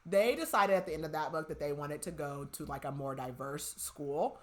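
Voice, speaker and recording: A young woman on her podcast retells a novel's story in a casual recap, her voice sitting low at normal speed. Chatty and heavy on "like," she recreates scenes by quoting lines.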